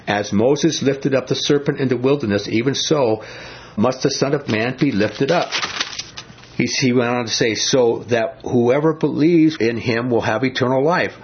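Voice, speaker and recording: A man preaching a sermon in a conversational way, asking his listeners questions and going low and slow when he quotes scripture. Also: a little hiss or hum. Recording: dull lo-fi recording.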